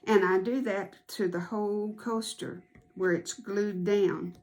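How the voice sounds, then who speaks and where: A woman giving an unhurried, homey step-by-step sewing tutorial as a quilting instructor. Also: mid-range voice, fairly even intonation, darkish tone.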